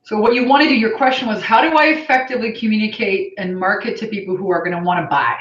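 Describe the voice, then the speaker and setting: A woman hosting a live coaching Q&A, energetic and blunt, swearing casually as she teaches. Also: medium pitch, fast. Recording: roomy, slightly dull sound.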